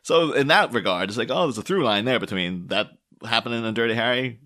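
A male film commentator talks casually and at length about movie villains, his medium-pitched voice moving briskly. He rambles with lots of fillers and restarts, now and then slipping into animated voices for quotes.

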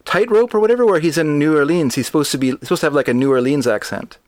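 A man's voice: on the high side, fast, a little mellow, no room sound. A middle-aged man chats loosely about films as a podcast co-host. He rambles, restarts and corrects himself mid-thought. His voice sits close and dry, with no room around it. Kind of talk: casual film discussion.

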